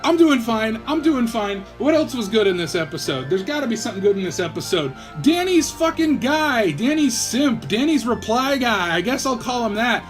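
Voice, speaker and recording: Male vlog host, high voice, loopy and foul-mouthed, worn out, rambling comedic review. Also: big pitch swings, normal speed, few pauses, faint music behind. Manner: profane, rambling, self-mocking and a bit loopy. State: tired from a marathon of viewing. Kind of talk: casual comedic rant to camera.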